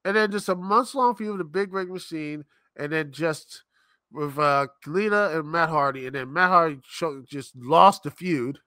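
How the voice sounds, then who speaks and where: A man's voice: on the high side, normal speed, sharp tone, dry recording, clean studio sound. A man hosting a live-stream show, ranting in an exasperated, rambling, sarcastic way. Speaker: podcast host. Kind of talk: live-stream commentary rant.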